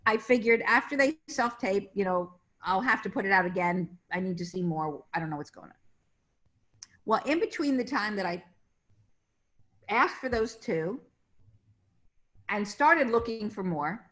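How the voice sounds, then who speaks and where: A woman's voice: mid-range voice, lively intonation, unhurried, pauses often, a bit bright. Chatty woman casting director telling stories. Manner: chatty anecdotes, acting out quoted voices. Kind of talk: casual interview storytelling.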